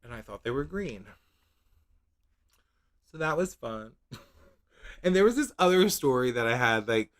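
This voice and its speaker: Male livestream host, lively up-and-down delivery, rambling and self-doubting. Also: mid-range voice. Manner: rambling, self-questioning, laughs at himself; reads product blurbs in a mock-dramatic voice. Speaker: nail polish channel host. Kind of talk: casual livestream chat.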